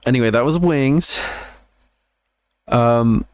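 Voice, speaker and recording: Taking his time, a man with an Australian accent talks through his own album track by track, looping back on words and leaning heavily on "like." His medium-pitched voice sounds smooth and a little mellow.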